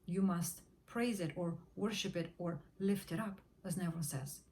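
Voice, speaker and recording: A manifestation teacher gives a motivational talk on attracting money, chanting affirmations in a rhythmic, repetitive way and sometimes dropping to a whisper as she says them. Her voice is on the low side and somewhat dark, at a normal speed, with slight background noise.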